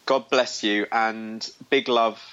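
A man's voice: on the low side, steady tone, slow pace, fairly bright tone, clear, resonant tone. A man co-hosting a podcast in casual, joking chat, heard over a remote call. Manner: joking, playful. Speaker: podcast co-host. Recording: muffled call audio.

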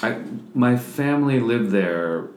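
A man's voice: medium pitch, animated, takes it slowly, darkish tone, echoey room, slight background noise. A man co-hosting a casual podcast chat, enthusiastic and full of fillers and restarts. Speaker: podcast co-host.

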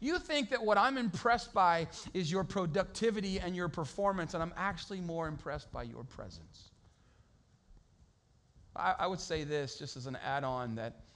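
A middle-aged man with a fairly high voice preaches as a pastor. He talks conversationally, lively and playful, and acts out the people in his stories in quick voices. It is a relaxed, chatty sermon.

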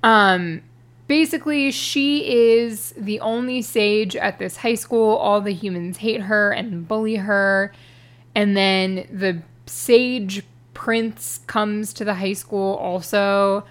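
A woman's voice: medium pitch, slow pace. Wry woman chatting casually. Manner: wry, laughs often, hesitant with "um". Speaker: podcast co-host reviewing a book. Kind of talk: casual chat.

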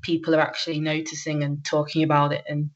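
A young woman talking casually and hesitantly, with frequent pauses, ums and nervous laughs. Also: deep voice, monotone, slight background noise. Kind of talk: casual chat. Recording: muffled lo-fi recording.

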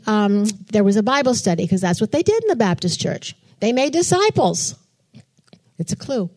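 A woman's voice: a little high, a little mellow. An older woman giving a chatty testimony in church, telling her story and acting out what she thought back then. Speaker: church speaker. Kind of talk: testimony sermon.

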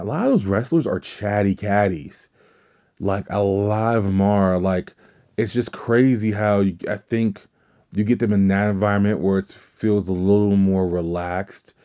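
Low-ish warm voiced guy rambling thru a story on a podcast, swears a bit, kinda muffled audio. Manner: rambling, self-correcting, swears casually. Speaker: podcast co-host. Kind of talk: casual storytelling chat. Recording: dull lo-fi audio.

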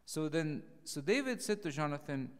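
A clergyman teaching a Bible study sermon, acting out the dialogue with a raised, animated voice. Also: a little high, moderate pace, clean tone. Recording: long hall reverb.

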